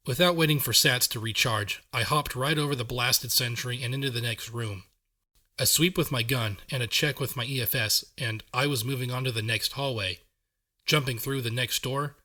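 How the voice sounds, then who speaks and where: A man narrating a story in the first person, reading in a measured, steady way. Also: medium pitch. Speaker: audiobook narrator.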